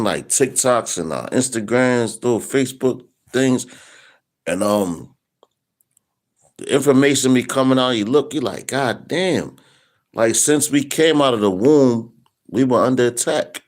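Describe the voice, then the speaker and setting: A man giving a casual, rambling Bible talk in street slang, slowing down to read scripture aloud. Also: medium pitch, animated. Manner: loose, rambling, slangy, reads scripture slowly. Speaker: preacher.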